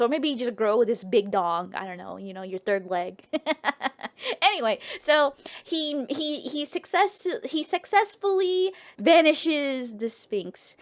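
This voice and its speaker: A young woman streamer casually retelling an old tale to her live chat, playful and profane, often trailing off and restarting. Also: fairly high pitch. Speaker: streamer and storyteller.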